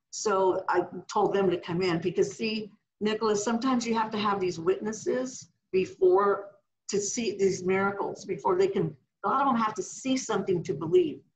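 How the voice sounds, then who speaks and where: A middle-aged woman minister, a podcast guest, telling a healing testimony in an animated way and acting out the voices she quotes. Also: mid-range voice, poor audio. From California.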